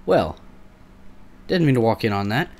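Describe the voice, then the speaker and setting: A man's voice: mid-range voice, animated, normal speed, darkish tone, a little hiss or hum. A young man giving nervous, swearing commentary while playing a creepy shooter game, often talking back to the monsters. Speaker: gameplay commentator. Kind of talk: let's play commentary.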